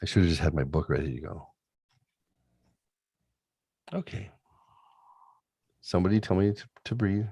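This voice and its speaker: A man's voice: sits low, lively intonation, moderate pace, creaky, pauses often, mellow, husky, no echo. A man hosting a podcast, chatting casually and ranting with lots of swearing into a close mic. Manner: profane ranting. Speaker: podcast host. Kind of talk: casual chat, reading aloud.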